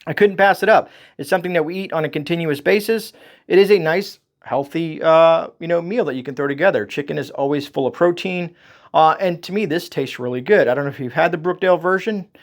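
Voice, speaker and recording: Male vlog host, somewhat high voice, chatty and folksy, rambles as he shows his grocery haul. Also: a little fast. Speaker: homestead channel host.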